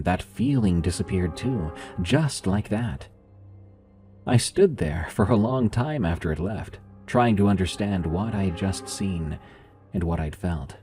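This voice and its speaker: A man with a nasal voice hosting and narrating horror stories in a calm, measured way. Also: low voice. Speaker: horror story narrator and podcast host.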